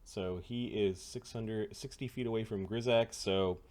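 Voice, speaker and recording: A man's voice: fairly low pitch, a little slow. A man running a tabletop game as game master, working out rules and numbers aloud. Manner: steady, working out numbers aloud with many uhs.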